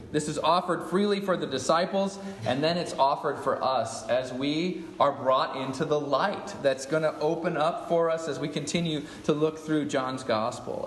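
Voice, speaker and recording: A man delivers a sermon in a slightly high voice and keeps putting questions to his listeners. His words ring out through a church hall with a long, echoing reverb, and a faint hiss sits underneath. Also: fairly bright tone. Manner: emphatic, asks the congregation questions. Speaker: pastor. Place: church sanctuary.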